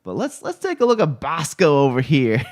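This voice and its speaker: A man's voice: fairly high pitch, huge pitch swings, moderate pace. A man streaming live, chatting casually and rambling with many fillers and restarts while he looks things up on screen.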